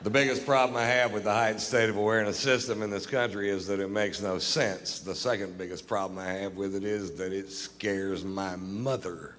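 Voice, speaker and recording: A male stand-up comedian telling jokes on stage in a dry, deadpan drawl, with plenty of profanity. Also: lowish voice, moderate pace, hardly any pauses. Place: theater stage. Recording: live show in a reverberant hall with audience noise. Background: audience laughter.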